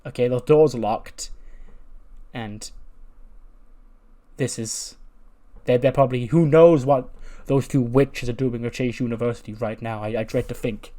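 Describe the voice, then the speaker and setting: A man's voice: mid-range voice, fairly even intonation, unhurried, long pauses, warm tone, natural voice. A man voicing a flustered, exasperated male professor who leads his students in a comic game story. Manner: dramatic, exasperated.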